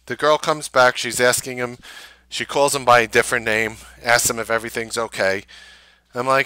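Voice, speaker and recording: A man's voice: medium pitch, normal speed, smooth, no echo. A man, hosting a show and telling a casual, rambling anecdote full of fillers. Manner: rambling, filler-heavy anecdote with animated quoted voices. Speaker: show host. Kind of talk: casual storytelling. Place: Manhattan.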